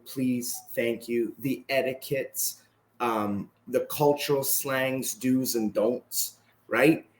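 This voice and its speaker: A man's voice: mid-range voice, echoey room. A Canadian man speaking casually as a podcast guest, keeps adding "right?" to his sentences. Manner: relaxed, tags sentences with "right?". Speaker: podcast guest, martial arts instructor. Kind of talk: casual conversational storytelling.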